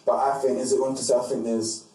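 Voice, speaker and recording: A man hosting a podcast in casual chat, with halting restarts and murmured agreement. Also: mid-range voice, flat delivery, dark tone, recorded from a distance. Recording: echoey room, from off mic.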